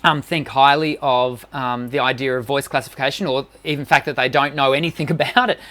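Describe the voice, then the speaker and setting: Encouraging woman vocal coach, slightly low voice. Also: a bit bright. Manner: encouraging, conversational, frequent restarts. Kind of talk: live-streamed singing lesson and Q&A.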